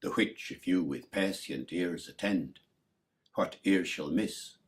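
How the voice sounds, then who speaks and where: Actor playing a solemn stage chorus, very deep and slow, old original pronunciation accent. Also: male voice. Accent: Early Modern English original pronunciation. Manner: measured, declamatory. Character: male stage chorus speaking a solemn prologue. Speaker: actor reciting a verse prologue. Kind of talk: stage verse recitation.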